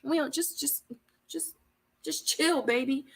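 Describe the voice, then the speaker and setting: Brief: a woman doing a high, sing-song girlfriend who indulges her man with soothing coaxing. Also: unhurried.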